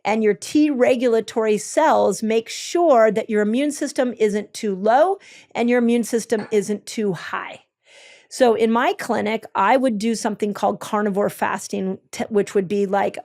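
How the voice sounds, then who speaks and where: Gravelly-voiced woman explaining with enthusiasm. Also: mid-range voice, a little mellow. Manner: enthusiastic, explains step by step, many ums and restarts. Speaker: health expert guest with a clinic. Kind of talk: conversational explanation.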